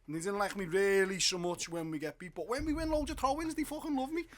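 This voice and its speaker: A man's voice: sits high, very animated, fast talker, a bit bright. A man with a Liverpool accent telling sweary, laughing stories in a post-match football chat. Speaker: podcast panelist.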